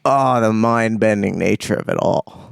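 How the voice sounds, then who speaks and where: A man's voice: lowish voice, moderate pace, creaky, clean tone, no echo, studio quality. A man co-hosting a community radio show, wry and rambling, laughing between lines. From Canada. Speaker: radio co-host. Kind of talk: casual radio banter.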